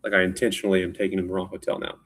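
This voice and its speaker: A man's voice: low-pitched, monotone, rapid-fire, fairly bright tone, husky. A man telling a rambling personal story in a casual spoken style, often restarting and repeating words.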